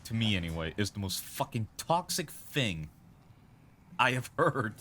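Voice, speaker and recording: A man's voice: fairly low pitch, big pitch swings, pushed and bright, a little hiss or hum. A man chatting with friends, swearing often and drawing out his complaints. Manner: swears a lot, drawn-out complaints. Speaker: friend on a game stream. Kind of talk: casual chat.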